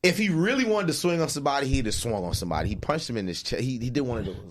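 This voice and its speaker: A man's voice: medium pitch, lively intonation, racing. A man co-hosting a podcast in casual chat, arguing his points emphatically. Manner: argumentative, emphatic. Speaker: podcast co-host.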